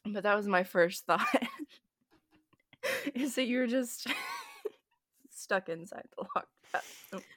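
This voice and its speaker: A woman's voice: mid-range voice, slow pace, long pauses, fairly bright tone, no room sound, studio quality. A young woman podcast co-host who laughs often and reacts with amused questions in casual chat.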